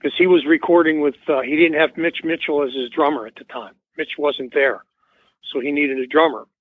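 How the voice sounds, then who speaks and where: A man's voice: fairly high pitch, fairly even intonation, normal speed, breathy edge. A man, a musician guest, telling a rambling story in an interview and acting out the quoted dialogue. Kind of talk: casual anecdote in an interview. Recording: tinny dry phone line.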